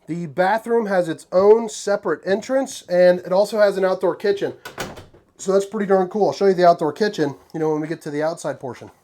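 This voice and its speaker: A man hosting a casual walkthrough tour inside an RV, talking in a folksy, joking way with relaxed slang. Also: high-pitched, a little fast. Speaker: RV tour host.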